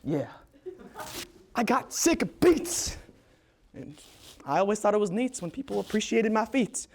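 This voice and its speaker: A man's voice: sits high, expressive, measured pace, creaky, a little hiss or hum, heavily acted. A young man playing a famous playwright as a swaggering rapper who rhymes every line. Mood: cocky rhyming. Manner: rhymes everything in a streetwise rap flow. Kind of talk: solo comedy performance.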